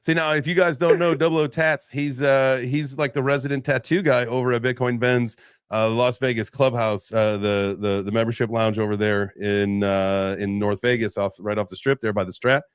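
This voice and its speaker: A man hosting a casual live chat, easygoing and talkative, calling his guests brother and man. His voice sits at a middle pitch and sounds close and dry, with no room around it. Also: steady tone, moderate pace, clear, resonant tone, no room sound. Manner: laid-back, chatty, calls listeners brother and man. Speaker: host.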